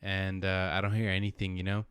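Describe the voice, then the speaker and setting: A man's voice: sits low, flat delivery, fairly quick, fairly bright tone, smooth, no room sound, clean studio sound. A young man co-hosting a podcast, telling a story in a rambling, laughing way and repeating himself. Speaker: podcast co-host. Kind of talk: casual storytelling.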